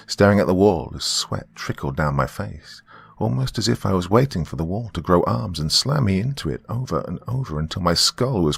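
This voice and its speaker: A man hosting a horror podcast, narrating a first-person horror story in a slow, brooding way. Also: sits low, vocal fry, breathy edge, dry recording.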